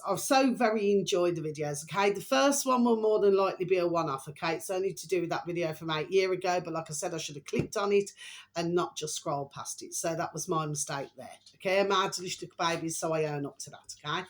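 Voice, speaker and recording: A chatty woman rambles through a casual vlog in a fairly low voice, drifting off topic and apologizing for her stumbles. She keeps coming back to an affectionate pet phrase for her viewers. The talk is loose and unscripted, full of fillers. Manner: rambling, chatty, often repeats a pet phrase and says sorry. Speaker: channel host.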